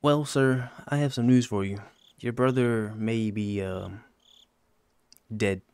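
A man hosting a gaming channel, giving casual commentary on a horror game and yelping high when he gets scared. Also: steady tone, takes it slowly, a little mellow, clear, resonant tone, no echo. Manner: talks to game characters jokingly.

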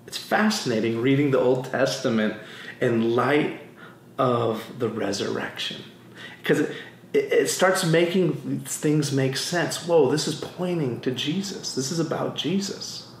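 A man preaching a sermon as pastor, telling stories in an animated way and acting out the voices he quotes. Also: medium pitch, measured pace, a little hiss or hum. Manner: animated storytelling, acts out quotes. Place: church sanctuary. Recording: roomy church with faint ambience.

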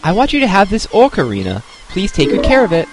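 A man reading aloud the lines of a gentle young forest girl in a video game, in a soft, plain delivery. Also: sits high, huge pitch swings, fast talker, a little hiss or hum, voice pushed up, full character voice. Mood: tender.

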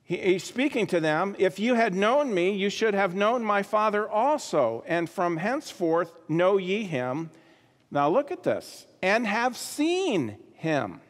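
Brief: male pastor, high-pitched, emphatic sermon delivery, long hall reverb. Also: animated, unhurried. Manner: emphatic, repeats key phrases, drops to quiet asides. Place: church sanctuary.

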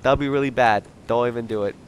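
A young man hosting a Minecraft livestream, excitable and teasing, swearing often and breaking into sudden shouts. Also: mid-range voice, fast talker, clean tone. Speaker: livestream host playing Minecraft. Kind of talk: casual gaming chat.

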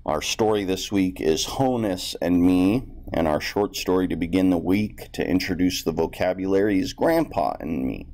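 A man's voice: sits low, normal speed, hardly any pauses, a little mellow. A male teacher reading a textbook story aloud to students and explaining vocabulary in a plain, explanatory way.

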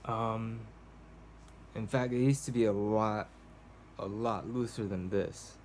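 A man talks to his camera in a casual home video journal, drifting from thought to thought with ums, uhs and restarts. His voice sits a little low, and he speaks slowly. A faint hum of room noise sits behind him. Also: fairly even intonation, darkish tone. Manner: rambling, hesitant, many fillers and restarts. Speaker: vlogger. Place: cold home indoors.

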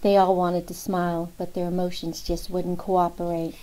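A woman narrating a novel in a steady, even storytelling manner. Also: on the low side, moderate pace, rough recording. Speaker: audiobook narrator. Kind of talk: scripted narration.

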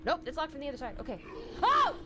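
A woman's voice: sits high, huge pitch swings, quick pace, very noisy. A woman streamer, giving jumpy live commentary on a horror game, shrieking in fright and chatting with her viewers.

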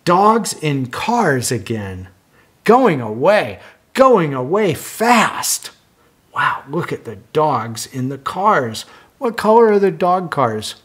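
An older man reading a children's picture book aloud, slow and lively, stopping to ask young listeners questions. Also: fairly high pitch, slightly rough.

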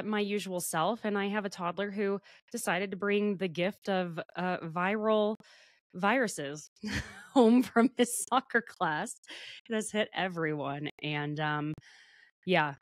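A woman's voice: mid-range voice, dry recording, clean studio sound. A woman hosting a podcast in casual chat, a little under the weather with a sore throat, talking freely and laughing often. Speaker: podcast host.

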